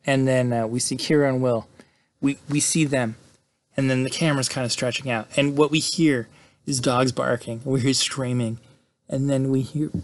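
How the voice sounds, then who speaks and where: Man, casual movie recap, rambling, excited, mid-pitched voice. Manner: rambling, lots of fillers and swearing, excited. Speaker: movie reviewer.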